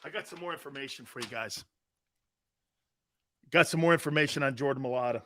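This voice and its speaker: A middle-aged man hosting a casual sports talk show, loud and jokey, bursting into shouts. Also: mid-range voice, fairly quick, slight background noise.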